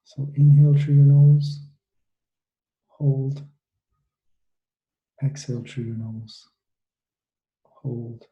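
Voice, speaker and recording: Man, guided meditation coach, soft unhurried instructions, slow pace, echoey room. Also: medium pitch, fairly even intonation, lo-fi sound. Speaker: mindfulness coach for students.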